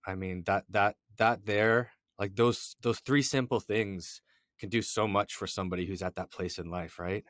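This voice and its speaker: Male podcast host, low voice, dry close sound, reflective, thinks aloud with repeats. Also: steady tone, moderate pace, fairly bright tone, dry recording. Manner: reflective, backchannels, repeats words. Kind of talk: casual podcast conversation.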